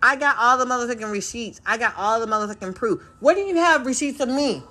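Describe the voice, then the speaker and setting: A woman's voice: a little high, expressive, quick pace, bright, forceful tone. Profane, confrontational woman podcaster. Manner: mocks others in quoted voices. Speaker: podcast host. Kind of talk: angry unscripted monologue.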